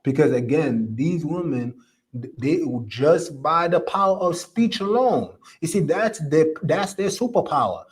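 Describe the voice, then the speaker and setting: Male streamer host, slightly high voice, preachy and emphatic, repeats lines for effect. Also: animated, unhurried. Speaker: podcast host reading live comments. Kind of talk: opinionated live-stream commentary.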